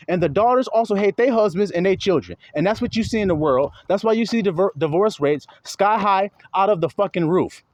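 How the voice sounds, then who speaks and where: Confrontational man preaching with a lively pitch. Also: dry recording. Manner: profane, confrontational, lecturing; slows down to read verses aloud. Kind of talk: sermon reading scripture. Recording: dull lo-fi recording.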